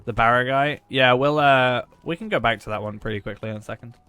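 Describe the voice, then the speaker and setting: A man's voice: medium pitch, fast, pushed and bright, smooth, no echo. A man, streaming a game and chatting casually with viewers while he plays, cracking jokes. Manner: joking, chatty, talks to chat while playing. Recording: faint background music.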